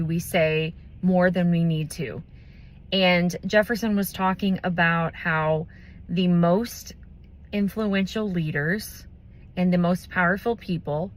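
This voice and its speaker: Lady giving a slow calm pep talk on speaking with confidence, lowish voice, lots of pauses and ums. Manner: unhurried, thoughtful, with pauses and fillers. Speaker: business community speaker. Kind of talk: motivational talk on communication.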